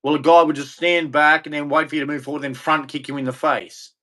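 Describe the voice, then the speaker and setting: A middle-aged man, his voice sitting a bit high, hosts an opinionated rant. He talks bluntly and mockingly, slipping into voices to act out the people he mocks. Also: level tone, quick pace, a bit bright. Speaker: host.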